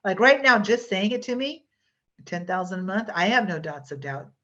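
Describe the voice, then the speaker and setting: A woman's voice: mid-range voice, moderate pace, a bit bright. A woman presenting a hypnosis workshop in a chatty, rambling way, with many fillers and restarts. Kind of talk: casual workshop teaching. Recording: dull lo-fi online workshop audio.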